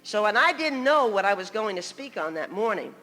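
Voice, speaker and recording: An older woman preaching in a church, her voice bright and forceful. She tells stories with lively humor and laughter. The sound rings with a long hall reverb. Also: mid-range voice, brisk. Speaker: guest preacher. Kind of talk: humorous sermon storytelling. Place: church sanctuary.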